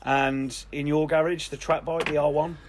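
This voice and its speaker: A young man, co-hosting a podcast and chatting casually with upbeat, brisk updates. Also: on the high side, level tone, noisy background. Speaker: podcast co-host. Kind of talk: casual chat.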